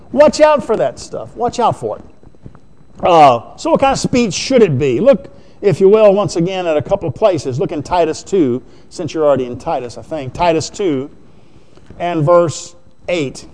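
A man preaching from the pulpit with a somewhat raised pitch. He keeps it conversational, asking the congregation questions as he goes. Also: darkish tone. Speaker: pastor. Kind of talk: sermon.

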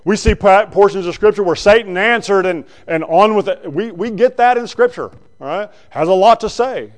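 Guy preaching a sermon, kinda high voice, talks to the crowd, gets loud then drops way down. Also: normal speed. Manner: conversational preaching, swings between loud bursts and quiet asides.

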